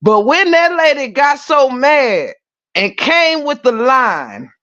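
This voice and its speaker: A livestream host casually retelling a story to the chat, animated and profane, with emphatic, drawn-out phrases. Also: sits high, muffled recording. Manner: animated and profane, with frequent laughing fits.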